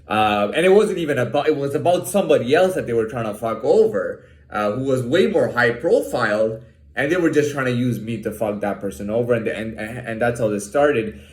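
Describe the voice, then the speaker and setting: A man's voice: mid-range voice, lively intonation, fairly quick, reverberant. A man ranting in an agitated monologue, swearing a lot and restarting his sentences. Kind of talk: profane monologue to camera.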